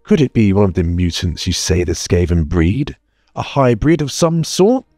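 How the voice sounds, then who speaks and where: Felix: man reading sarcastic young adventurer, lively delivery, dry recording. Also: low voice, normal speed, dry recording. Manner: articulate, sarcastic. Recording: dry close mic, faint music bed.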